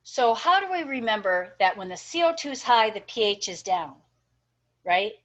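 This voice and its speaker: A woman's voice: fairly high pitch, very animated, moderate pace. Woman nursing teacher giving a lecture, keeps asking okay? right?, kinda dull lo-fi sound. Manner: encouraging, checks in with frequent "okay?" and "right?". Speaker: nursing instructor. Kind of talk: recorded class lecture.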